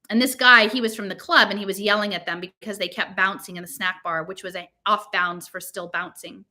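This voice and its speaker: A woman's voice: medium pitch, sharp tone. A woman reading a novel aloud, narrating casually in teen slang. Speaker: reader.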